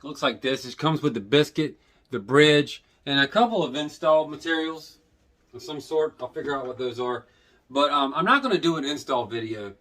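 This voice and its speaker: A man's voice: mid-range voice, normal speed, a bit bright. Plainspoken man rambling over guitar work. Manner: rambling, plainspoken, self-deprecating. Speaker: guitar vlogger. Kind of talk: casual how-to video.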